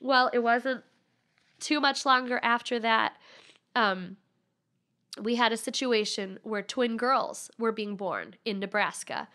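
A woman's voice: fairly high pitch, slow, bright, forceful tone. A woman in her thirties, a podcast guest candidly telling a personal story.

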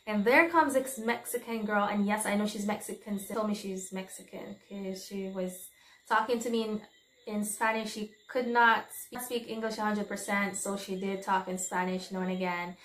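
A woman's voice: mid-range voice, steady tone, moderate pace, fairly bright tone. Chatty woman telling a storytime vlog. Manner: candid, chatty, exclamatory. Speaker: vlogger. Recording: roomy echo.

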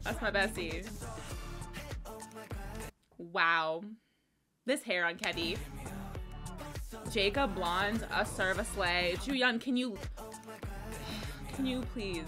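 A woman's voice: medium pitch, slow, long pauses, over music. A young woman hosting a video reaction, hyper and gushing, swearing and shrieking as she comments. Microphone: headphones on while recording.

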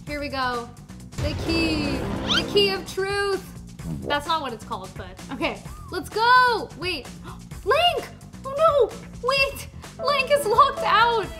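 A young woman with a very high, bright-sounding voice commentates gameplay in an excitable rush, repeating her exclamations over and over. Background music plays under her voice throughout. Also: slow pace. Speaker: gaming host.

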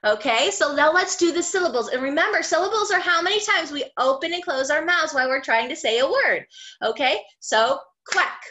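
A woman teaching a phonics lesson to young children, sounding out words slowly and clearly and praising them cheerfully. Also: high-pitched, lively intonation, sharp tone. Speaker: kindergarten teacher.

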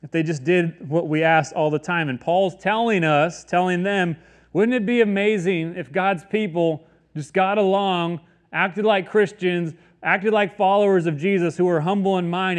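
A man's voice: sits high, steady tone, normal speed. A man preaching a casual, conversational sermon, often slipping into quoted everyday voices. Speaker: pastor.

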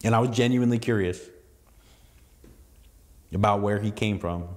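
A man's voice: on the low side, normal speed, darkish tone. Rambling, profane man with a long reverb. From southern California. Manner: rambling, profane, full of restarts and asides. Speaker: podcast host. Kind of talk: casual solo podcast monologue.

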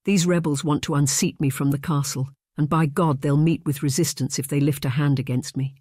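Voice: mid-range voice, fairly even intonation, brisk, a little mellow, no echo, clean studio sound, close to an everyday voice. A narrator putting on a bellowing drunken Scottish laird. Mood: angry bellowing. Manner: blustering, bellowing. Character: angry drunken Scottish laird, middle-aged man, bullying.

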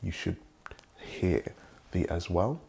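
Deep gravelly young man, measured and thoughtful. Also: expressive, dark tone. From Britain. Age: young adult. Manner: measured, thoughtful, polished professional delivery. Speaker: guest. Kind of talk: reflective conversation.

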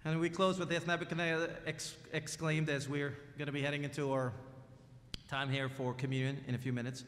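Bright-voiced emphatic preacher in a church. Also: male voice, fairly high pitch, fairly quick. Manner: emphatic, lively, shifts between loud and hushed. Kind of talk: sermon. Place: church sanctuary. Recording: long church-hall reverb.

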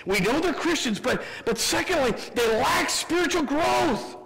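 A man with a Midwestern American accent, preaching a sermon as pastor, animated and humorous with quick asides. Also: extremely high pitch, gravelly. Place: church sanctuary. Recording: church sanctuary with long reverb.

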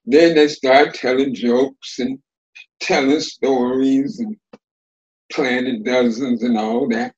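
An older man telling folktales as a storyteller, in a folksy, lively, dialect-rich way. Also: mid-range voice, slow pace, lo-fi sound.

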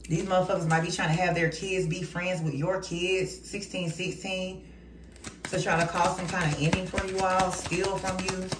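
A woman's voice: fairly low pitch, flat delivery, normal speed. Woman doing a tarot reading, cussing, heated, sounds far off with a lot of noise behind. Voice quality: blunt and profane, heated. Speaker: tarot reader. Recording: roomy, distant mic, noisy.

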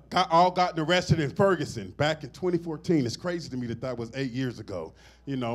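A fairly high-pitched middle-aged man delivers a sermon as pastor. He builds phrases to a swell and breaks off into casual asides to the congregation. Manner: preaching with rising, swelling emphasis and call-and-response asides.

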